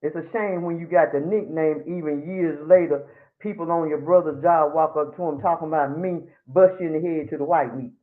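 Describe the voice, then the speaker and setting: A woman's voice: low voice, fairly quick. An outspoken middle-aged woman gives her testimony at a Bible study. She talks bluntly and emphatically, with a streak of dry humor. The sound is thin and tinny, like it is coming through a phone line. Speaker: church member giving testimony.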